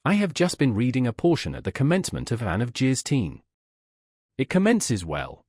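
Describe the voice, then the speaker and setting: A man's voice: mid-range voice, huge pitch swings, moderate pace, a little mellow, husky, no echo, clean studio sound. A man reading as pompous auctioneer Trumbull. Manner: sonorous, self-satisfied. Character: pompous wordy middle-aged male auctioneer.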